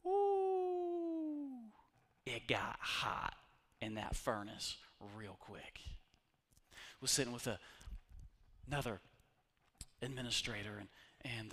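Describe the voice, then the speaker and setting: A middle-aged man preaching a sermon, telling stories and swinging between loud calls and hushed retelling. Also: mid-range voice, expressive, a little slow, pauses often. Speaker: pastor.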